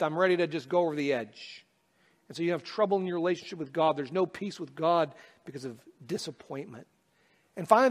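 A man preaching a sermon as pastor, moving from quiet, personal reflection to loud, impassioned calls. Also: sits high. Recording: long hall reverb.

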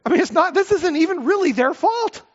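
With a lively, conversational style, a middle-aged pastor moves briskly through an expository sermon, his pitch rising and falling as he adds asides and rhetorical questions. The recording is a little dull and has a lengthy church-hall echo.

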